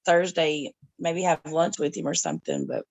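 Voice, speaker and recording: A woman chatting casually with friends on a group live stream, excitable and swearing freely. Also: low voice, normal speed. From Tennessee. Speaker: channel regular.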